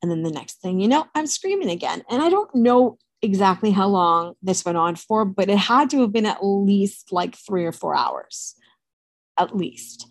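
A woman telling a personal story to camera in a candid, animated way, swearing freely. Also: mid-range voice, moderate pace, dry recording.

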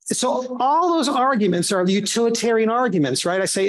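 A man's voice: lively intonation, normal speed, few pauses. A man teaching a small Bible study group in a conversational way, acting out the voices he quotes. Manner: conversational, acts out quoted voices with big pitch jumps.

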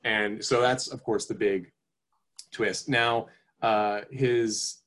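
A man on a podcast talks through a movie in loose, casual chat. His voice sits a bit low, and he rambles with fillers and restarts, rising in pitch when he gets excited. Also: takes it slowly. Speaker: podcast co-host. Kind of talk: casual film review chat.

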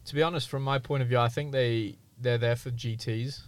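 Young racing driver guest on a podcast, middle-pitched voice, calm and thoughtful. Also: male voice, a little fast, no echo. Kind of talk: casual chat.

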